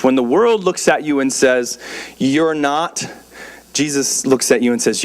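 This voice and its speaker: A young man preaches from a church pulpit in a loose, conversational way. He keeps repeating words and dropping in fillers. His voice sits a little higher than most men's. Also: moderate pace. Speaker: pastor. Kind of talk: sermon.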